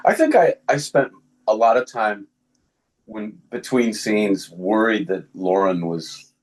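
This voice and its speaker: An older actor with a faint Ohio accent, joking in an easygoing way during a casual interview. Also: male voice, lowish voice, animated. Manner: easygoing, joking, quick laughs. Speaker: actor guest.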